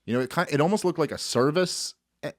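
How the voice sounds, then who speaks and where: Animated swearing man telling a story. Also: fairly high pitch, quick pace, no echo, studio quality. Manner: animated storyteller, swears freely, acts out his own panic. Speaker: podcast co-host. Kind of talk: casual podcast chat.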